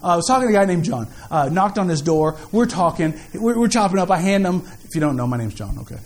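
A man preaching a sermon as pastor, in an animated, jokey, conversational way. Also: high-pitched, quick pace. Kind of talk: sermon with storytelling.

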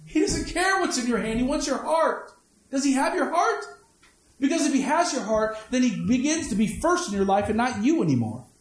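A man's voice: extremely high pitch, sing-song, moderate pace. A male pastor preaching a sermon with energy, repeating phrases for emphasis. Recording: echoey room.

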